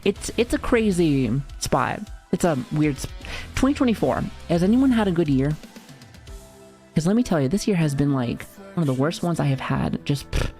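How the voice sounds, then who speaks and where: A woman's voice: sits low, lively intonation, normal speed, a little mellow, faint music behind. A woman in her thirties streaming live, talking casually to her chat with lots of swearing and joking. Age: 30s. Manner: profane, joking, chatty with frequent laughs.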